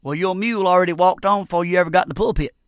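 A man's voice: high-pitched, rapid-fire, no room sound, clean studio sound. A man in his sixties preaching a fervent radio sermon, often breaking in with "Amen".

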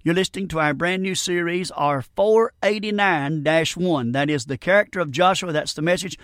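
A middle-aged man delivers a radio sermon in a high, sharp-edged voice. He speaks in a folksy, emphatic way and repeats his key lines. The sound is close and dry. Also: normal speed, no echo. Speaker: radio preacher.

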